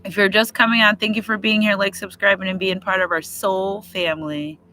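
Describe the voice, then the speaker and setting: A man with a high, bright voice talking through a casual card reading. His delivery is chatty and looping, full of repeated phrases and bits of emotion, with faint outdoor ambience behind him. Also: little pitch movement, a little fast, a little hiss or hum, poor audio. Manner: chatty, repetitive, breaks into sung lyrics, gets emotional. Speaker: tarot reader. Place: outdoors near trees and a road.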